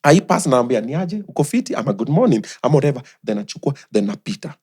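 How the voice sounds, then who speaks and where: A man's voice: mid-range voice, big pitch swings, fast, darkish tone, slightly rough. A young man with a Kenyan accent, chatting animatedly as a podcast guest and mixing in Swahili slang. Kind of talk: casual chat.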